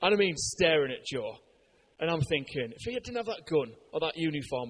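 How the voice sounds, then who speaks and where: An English man preaching a sermon in a conversational way, telling anecdotes with lively, animated delivery and frequent fillers. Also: on the high side, brisk, slightly rough. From Britain.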